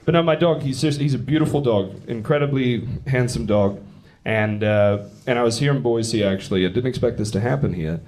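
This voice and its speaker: Man, mid-pitch, brash profane stand-up storyteller, live club recording with audible noise. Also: a little fast, few pauses, darkish tone. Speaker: stand-up comedian. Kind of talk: stand-up comedy set. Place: comedy club stage with a live audience. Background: audience laughter.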